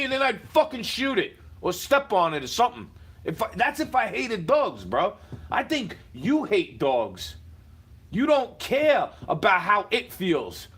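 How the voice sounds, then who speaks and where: A man ranting at the camera from his home, profane and confrontational, shouting at times. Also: sits high. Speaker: livestreamer. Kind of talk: angry rant to camera. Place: indoors, home.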